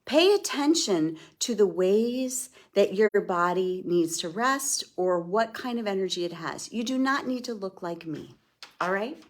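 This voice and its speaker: Calm middle-aged woman talking you through a breathing exercise, slow and gentle. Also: medium pitch. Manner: slow, soothing guidance. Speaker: wellness instructor. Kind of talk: guided breathing and laughter exercise. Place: indoors, moving around in front of a camera.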